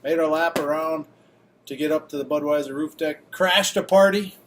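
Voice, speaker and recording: A man vlogging at a baseball stadium in a loose, joking way. His voice sits a little high, and he often lets sentences trail off into mumbles. Faint ambient noise hums behind him. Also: moderate pace. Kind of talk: casual travel vlog chat.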